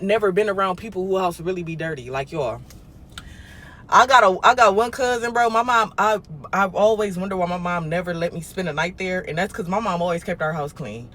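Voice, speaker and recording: A young woman chats on her livestream in a bright, forceful voice, blunt and full of swearing. She swings from loud to hushed and back as she talks. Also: mid-range voice. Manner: blunt and profane, with swings between loud and quiet. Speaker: livestream host. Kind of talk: casual livestream chat.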